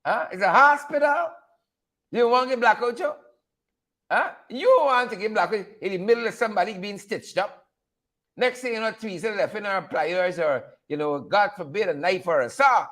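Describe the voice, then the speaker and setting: A man's voice: high-pitched, a bit bright. A Guyanese man hosting a live stream, ranting with sarcastic, preachy fire while greeting viewers. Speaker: livestream host. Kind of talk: live-stream commentary and rant.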